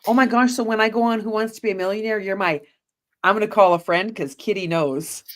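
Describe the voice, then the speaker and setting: A middle-aged woman co-hosting a casual podcast chat, telling stories in an animated way and acting out both sides of conversations. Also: medium pitch, a little fast. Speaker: co-host, psychic medium and energy healer.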